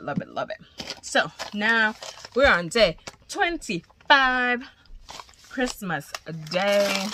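A woman's voice: fairly low pitch, sharp tone. A woman vlogger chatting casually and gushing as she unboxes crochet gifts, cursing now and then.

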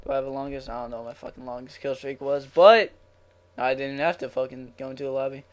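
A young man giving live commentary over his own video game match, swearing constantly, yelling in frustration, then muttering to himself. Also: mid-range voice, steady tone, quick pace. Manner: swearing, swinging between raging shouts and muttering. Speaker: gaming channel host.

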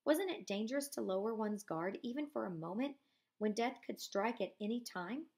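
A woman teacher reading a novel aloud in a measured voice, pausing for casual comments to her class. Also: fairly high pitch, animated, a little mellow.

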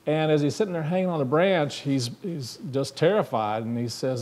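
A man's voice: fairly high pitch, moderate pace, a little mellow. A man preaching a sermon in a church, talking conversationally and asking the congregation questions. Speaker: minister. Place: church sanctuary.

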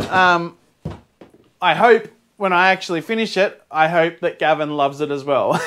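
An Australian man, excitable and quick to laugh, chatting casually to camera as a fluid art vlogger. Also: high voice. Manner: excitable, laughs often, bursts into shouts.

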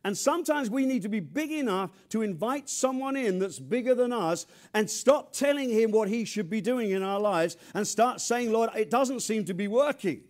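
An older English pastor from near London gives a sermon in a high, lively voice at normal speed with hardly any pauses. He mixes humor and loud bursts of emphasis with low, quiet asides.

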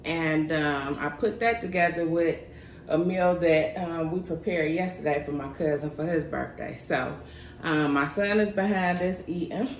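A woman's voice: low-pitched, a little slow. A woman chatting casually to her viewers as she sets up a mukbang at home, a little out of breath. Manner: chatty, addresses viewers as y'all. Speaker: mukbang vlogger. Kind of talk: casual chat to camera. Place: home, indoors. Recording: echoey room, faint background noise.

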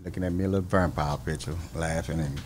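A man being interviewed as a guest singer, telling a story in a casual, animated way and laughing as he acts out the people he quotes. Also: very deep voice, fast talker, a little hiss or hum.

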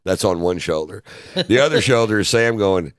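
Guy with a low voice spinning a loose profane yarn, dry close sound. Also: moderate pace, no echo. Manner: loose, profane, animated storytelling. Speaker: comedian guest. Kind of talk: storytelling anecdote.

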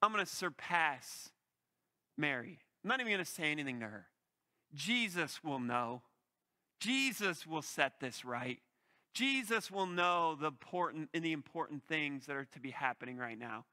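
A man's voice: a little high, expressive, moderate pace, sharp tone, voice pushed down. A preacher voicing a frantic, indignant woman who complains that she has been left to do all the work. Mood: resolved. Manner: exasperated, complaining.

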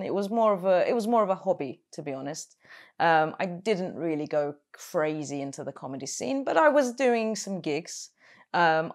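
Chatty woman comedian, lowish voice. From London. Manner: chatty, rambling with fillers and self-deprecating jokes. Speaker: comedian guest. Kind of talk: casual interview chat.

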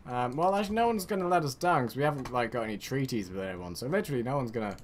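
A British man from the United Kingdom giving rambling, excitable game commentary with sarcastic asides. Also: medium pitch, fast. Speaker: let's play gamer.

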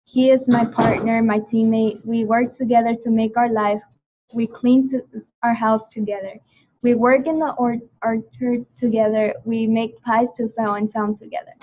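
An earnest, loyal young boy from a storybook, read by a woman in her own fairly high voice. Each line comes steady and sincere. The recording is dull and lo-fi. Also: normal speed, natural voice. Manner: plain reading, few changes of voice.

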